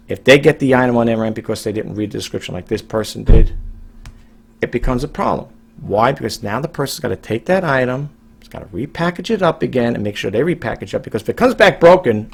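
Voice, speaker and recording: Gravelly-voiced middle-aged man rambling. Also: mid-range voice. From New York. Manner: rambling, repeats and restarts, emphatic. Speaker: online reseller vlogger. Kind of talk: casual monologue to camera.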